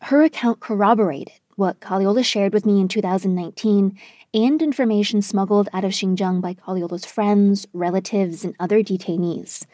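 Mellow-voiced woman news correspondent. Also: medium pitch, no echo, studio quality. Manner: measured, even reporting delivery. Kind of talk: scripted news report.

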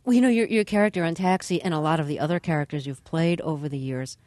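Low-voiced woman asking measured questions. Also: darkish tone, no echo. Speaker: interviewer. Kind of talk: radio interview.

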